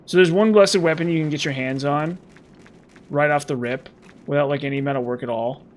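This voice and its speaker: A man's voice: fairly high pitch, fairly quick. A man giving casual, rambling and sarcastic commentary while playing a video game. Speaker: gameplay commentator.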